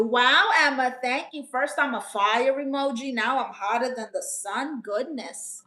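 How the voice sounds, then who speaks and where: A woman's voice: high-pitched, unhurried, hardly any pauses, pushed and bright. A woman with a New York accent on a live stream, reading viewers' comments aloud and answering them as a chatty, playful aunt who calls people honey. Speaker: live streamer giving advice.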